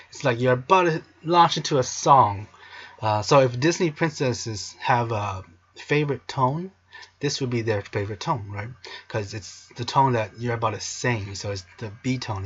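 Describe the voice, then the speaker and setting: A man's voice: medium pitch, breathy edge, highs cut off. A man hosting a casual language lesson video, playful and cheesy, sometimes breaking into song. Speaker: language teacher, video host.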